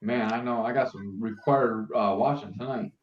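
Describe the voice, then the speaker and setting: A man's voice: lowish voice, normal speed, lo-fi sound. A man hosting a podcast, reacting with short exclamations and some swearing. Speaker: podcast host. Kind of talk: casual chat. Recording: distant, echoey, noisy mic.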